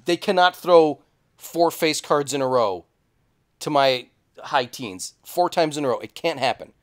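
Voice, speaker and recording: A man's voice: a little high, animated, a little slow. A man co-hosting a casual podcast chat in a studio, telling profane stories with lots of animation. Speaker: podcast co-host. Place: studio, sitting on couches.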